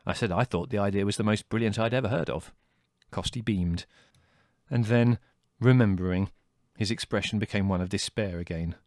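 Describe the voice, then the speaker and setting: A man reading an audiobook in a wry, measured storytelling manner. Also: on the low side, darkish tone, dry recording, studio quality. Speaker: audiobook reader. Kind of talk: scripted narration.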